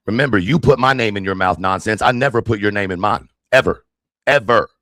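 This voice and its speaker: A man's voice: fairly low pitch, fast, fairly bright tone, no room sound. Furious man ranting on a dry mic. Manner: heated, profane, confrontational. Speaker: livestreamer. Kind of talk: angry livestream rant.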